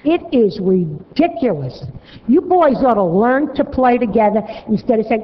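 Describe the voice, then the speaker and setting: A woman's voice: high-pitched, sing-song, normal speed, a little hiss or hum. A woman making a blunt, scolding public comment from a podium microphone in a city council chamber. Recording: echoey hall, dull broadcast sound.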